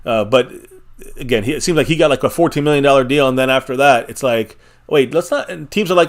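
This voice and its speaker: A man's voice: medium pitch, fast. A man hosting a live fan stream, chatting casually and opinionatedly, rambling with restarts and chuckles. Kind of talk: casual sports fan chat.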